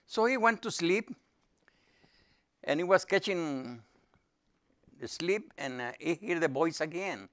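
A man slowly retelling a Bible story to a group in halting, broken English. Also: fairly high pitch, animated, fairly bright tone. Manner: halting, with broken English grammar and many pauses. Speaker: lay speaker.

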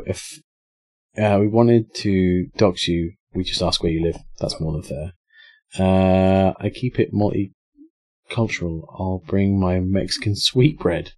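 A man's voice: deep voice, a little mellow, no room sound. A young English man streaming a game, chatting casually, swearing and reading out chat. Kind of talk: casual live-stream commentary.

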